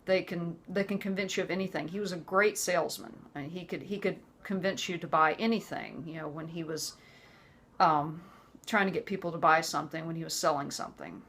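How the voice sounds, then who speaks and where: A woman in her forties with a lowish voice tells her personal story straight to the camera. She speaks earnestly and haltingly, often stopping to restart a sentence. The delivery is an unscripted personal testimony. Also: steady tone, a bit bright, slightly rough. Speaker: vlogger.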